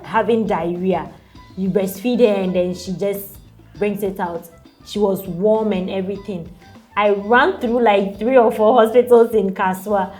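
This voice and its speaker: A woman's voice: mid-range voice, darkish tone. Chatty Ghanaian woman, easygoing. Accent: Ghanaian English. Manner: chatty, peppered with "like" and laughs. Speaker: interviewee mother. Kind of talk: casual chat.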